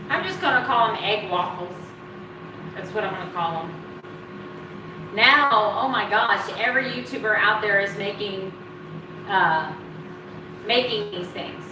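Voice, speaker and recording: A woman's voice: fairly high pitch, noisy background. A woman casually chatting in a home vlog, bubbly and talkative, breaking into baby talk for her dogs. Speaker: keto vlogger. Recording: echoey room, mic at a distance.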